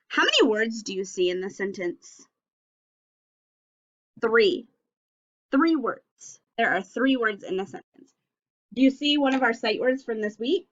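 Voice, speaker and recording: A woman teaching young children a phonics and sentence lesson on video, speaking slowly and clearly in an encouraging way. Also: fairly high pitch, lively intonation, bright, forceful tone. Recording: slightly dull lo-fi audio.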